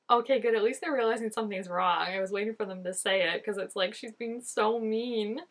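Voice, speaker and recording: A woman's voice: medium pitch, normal speed. A woman reacting to a TV episode in casual commentary, exclaiming, gasping and laughing often at the screen. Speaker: TV show reactor.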